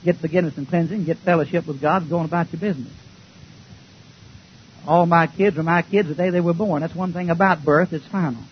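An older man preaching a folksy, joking sermon, swinging between loud outbursts and low mutters. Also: fairly even intonation, a little fast, lo-fi sound, a little hiss or hum.

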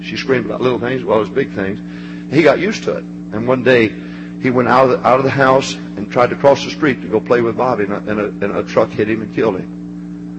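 A man preaching a fervent sermon. He swings between ringing shouts and low, hushed passages. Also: steady tone, a little fast, dull audio, noisy background.

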